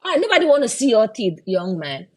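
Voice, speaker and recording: A woman's voice: on the high side, big pitch swings, quick pace, a little mellow. A woman and mother chatting on a live stream, encouraging viewers and often ending lines with "right?". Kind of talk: casual live-stream chat.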